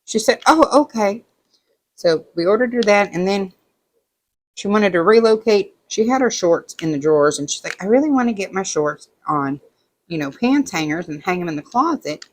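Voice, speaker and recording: A woman's voice: mid-range voice, moderate pace. Chatty woman telling stories while crafting. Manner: rambling storytelling, animated quoting of others. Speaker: diamond painting vlogger. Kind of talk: casual chat while crafting. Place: at home, working on a craft.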